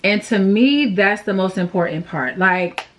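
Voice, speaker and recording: A woman talks through a makeup tutorial in a casual, slangy way, openly sad and emotional as she vents between steps. Her voice is medium-pitched and unhurried. The background is noisy.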